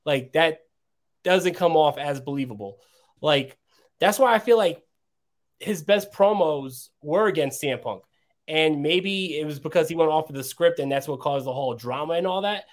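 A man with a somewhat high voice thinks out loud in a casual chat. He rambles thoughtfully, leaning on plenty of fillers. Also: normal speed.

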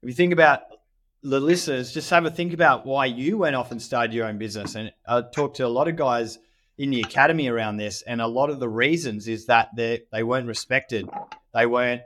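An Australian man hosts a podcast and coaches business owners in a persuasive, direct way. His voice sits in an ordinary middle pitch, and he talks steadily and casually. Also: a little fast, fairly bright tone, slight background noise.

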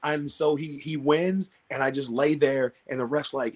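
A man, a pro wrestler, telling a story in a podcast interview, animated and acting out his own lines. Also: mid-range voice, normal speed, few pauses, slight background noise. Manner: animated, acts out quotes, swears freely.

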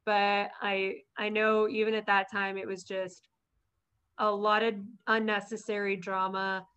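A woman's voice: mid-range voice, level tone, measured pace, fairly bright tone, clean tone. A woman guest on a podcast, chatting casually and laughing often over a remote call. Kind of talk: casual interview chat. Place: at home in a fire warning zone.

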